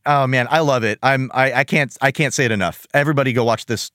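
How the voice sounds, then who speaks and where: A man hosting a casual podcast chat about a cartoon, enthusiastic and animated, acting out lines from the show in high voices. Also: fast talker, no echo, studio quality. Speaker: podcast host.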